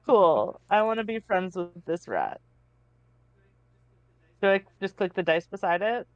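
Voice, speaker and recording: A woman playing a tabletop game, tentative and apologetic as she trips over her words. Her voice is smooth and resonant. It comes through a close, dry mic with a slightly muffled top end. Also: medium pitch, big pitch swings, unhurried, dry recording. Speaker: player. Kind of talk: tabletop role-play.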